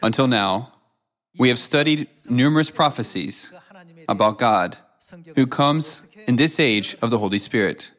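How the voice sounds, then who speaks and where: Guy reading a sermon, solemn and measured, mid voice. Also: mid-range voice, lively intonation, a bit bright. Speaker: preacher. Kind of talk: scripted sermon narration.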